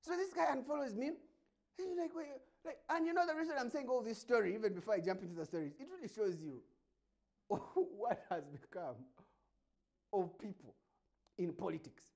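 A man's voice: high voice, normal speed. A Ugandan man hosting a show, talking through a casual comedic monologue with plenty of laughing and mockery. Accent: Ugandan English. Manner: animated, laughing, mocking. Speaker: show host.

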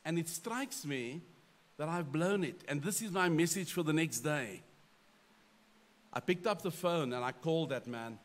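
A middle-aged man, a pastor, telling a story from his own life in a sermon with animated, self-deprecating storytelling. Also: on the high side, moderate pace.

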